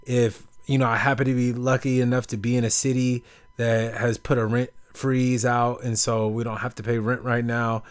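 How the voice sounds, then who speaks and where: A man's voice: medium pitch, flat delivery, normal speed. A young man hosting a podcast, talking casually and rambling with lots of fillers. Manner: rambling, filler-heavy storytelling. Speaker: podcast host. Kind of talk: casual chat.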